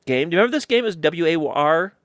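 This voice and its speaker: A man's voice: a little high, expressive, rapid-fire, dry recording, studio quality. A man on a casual gaming podcast panel who stammers and pokes fun at himself. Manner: stammering, self-deprecating.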